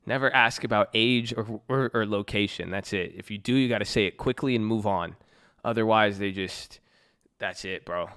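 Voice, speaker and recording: A man's voice: fairly low pitch, moderate pace, fairly bright tone, clean tone. Profane, joking young man from California. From Southern California. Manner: joking, slangy and profane, with frequent laughs. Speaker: live streamer. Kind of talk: casual chat reading viewer messages. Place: at a computer, indoors.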